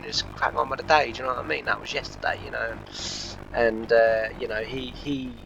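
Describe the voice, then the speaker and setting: A man with a bright, forward voice tells a meandering story, repeating "I said" as he recounts each exchange. The recording sounds dull and lo-fi, with a faint hiss underneath. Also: medium pitch. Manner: chatty, retells with constant "I said". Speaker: let's play host. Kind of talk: rambling anecdotal storytelling.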